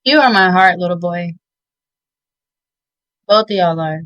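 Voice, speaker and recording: Slow, heartfelt woman in her thirties. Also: lowish voice, fairly bright tone, dry recording, highs cut off. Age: 30s. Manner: tearful, heartfelt, halting with many fillers. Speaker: interview guest. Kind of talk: emotional interview, giving shout-outs.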